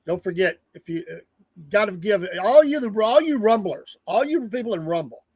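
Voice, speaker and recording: A man's voice: high voice, animated, normal speed, a little mellow, slightly rough, dry recording. A man, hosting a casual live stream, rambling earnestly and greeting viewers from the chat by name. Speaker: livestream news show host.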